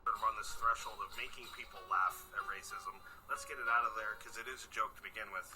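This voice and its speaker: A man's voice: fairly even intonation, a little fast, loud music behind the voice, rough recording. A man from Canada performing a playful, punchy stand-up comedy set on stage before a live audience. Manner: punchy, playful, big swings in pitch. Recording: archived live recording with loud background noise.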